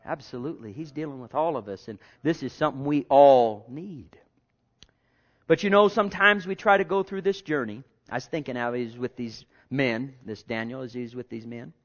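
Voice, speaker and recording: A male pastor preaching a sermon in a conversational way, repeating himself and jumping from hushed asides to loud bursts. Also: medium pitch, moderate pace. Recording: dull lo-fi sermon recording.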